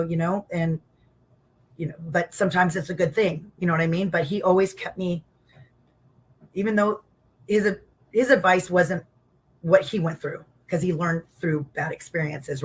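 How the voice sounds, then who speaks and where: Animated middle-aged woman telling stories. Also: lowish voice. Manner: animated storyteller who acts out quotes, swears casually. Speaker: interview guest, former wrestler. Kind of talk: casual storytelling interview.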